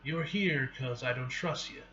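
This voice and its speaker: A man's voice: mid-range voice, a little slow, pushed and bright. A man reading the lines of a roguish male thief with a laid-back, guarded drawl, from a dull lo-fi recording. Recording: dull lo-fi recording with faint hiss.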